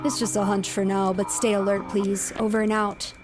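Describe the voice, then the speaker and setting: A woman voicing a gruff male ship captain who gives terse, grim radio reports. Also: medium pitch, little pitch movement, normal speed, faint music behind, voice pushed down, lightly acted.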